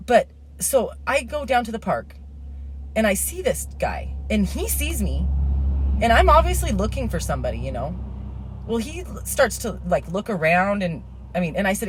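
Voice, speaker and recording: Husky-voiced woman ranting. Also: medium pitch, big pitch swings, moderate pace. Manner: rambling, indignant, swears then apologizes. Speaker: vlogger. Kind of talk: rambling casual storytelling.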